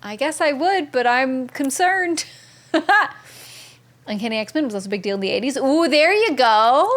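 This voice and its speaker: A woman streaming a video game live, chatting excitedly and reading viewer messages aloud. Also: sits high, a little slow. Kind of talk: live gameplay commentary.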